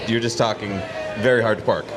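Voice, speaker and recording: A man's voice: fairly low pitch, quick pace, over music. A man hosting a casual interview at a live event, teasing his guest and asking lots of questions. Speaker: host. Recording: crowd chatter behind.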